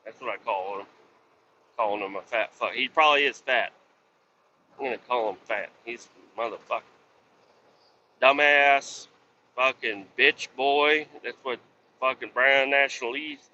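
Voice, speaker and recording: Trucker man filming in his cab: sharp-toned voice, constant cursing, muffled lo-fi sound, faint engine hum behind. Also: medium pitch, normal speed. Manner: profane, ranting at other drivers. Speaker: truck driver. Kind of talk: casual driving vlog. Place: inside a truck cab on the highway.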